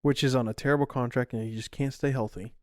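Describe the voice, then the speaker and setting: A man's voice: mid-range voice, fairly even intonation, quick pace, a little mellow, no room sound. Easygoing young man, dry close voice. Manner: chatty sports talk, laid-back with slang. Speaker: podcast co-host. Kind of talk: casual chat.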